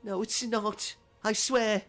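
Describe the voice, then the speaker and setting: A man's voice: high-pitched, steady tone, slow, a bit bright, faint music behind, voice pushed up. Man playing an ancient whining elf. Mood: pleading. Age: older. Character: ancient frail elven man, cowardly and pleading.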